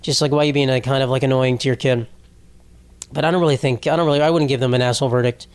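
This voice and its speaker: A man's voice: mid-range voice, fairly even intonation, very fast, clean tone. A young man hosting a solo podcast, rambling casually with lots of swearing and jokes. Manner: rambling, profane, jokey. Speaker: podcast host.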